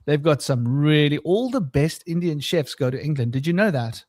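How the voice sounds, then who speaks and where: A man's voice: a little high, animated, normal speed, a little mellow, no echo, studio quality. A man hosting a casual podcast chat, rambling and repeating words, often breaking into laughter. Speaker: podcast host.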